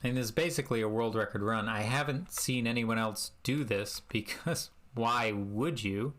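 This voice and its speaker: A man's voice: medium pitch, moderate pace, a bit bright. A man giving casual gameplay commentary as a streamer, self-mocking and muttering his in-game commands aloud. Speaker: speedrunner and streamer.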